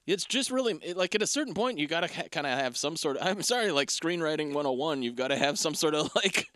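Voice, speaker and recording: A man's voice: a little high, lively intonation, fast, fairly bright tone, dry recording, studio quality. A man co-hosting a podcast, reviewing movies in casual chat, rambling with fillers and frequent laughs. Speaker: podcast co-host.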